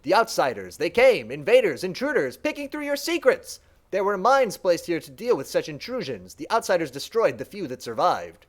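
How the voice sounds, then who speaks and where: A man's voice: high voice, sing-song, moderate pace. A man voicing a lonely, fawning male servant creature while reading game dialogue aloud. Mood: pleading. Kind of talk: let's play dialogue read-aloud.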